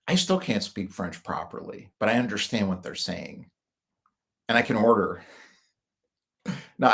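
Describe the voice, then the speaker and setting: A man's voice: on the low side, creaky, a bit bright. A middle-aged man from the United States rambling through personal stories with wry asides, in casual monologue style. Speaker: speaker.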